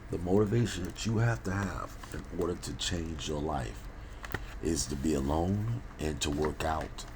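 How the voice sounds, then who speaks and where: Super deep voiced guy vlogging at home, rambly and emphatic, says stuff over and over, slight background hiss. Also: normal speed. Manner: emphatic, repeats phrases for stress; rambling, with restarts and asides. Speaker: pastor and vlogger. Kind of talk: casual monologue vlog.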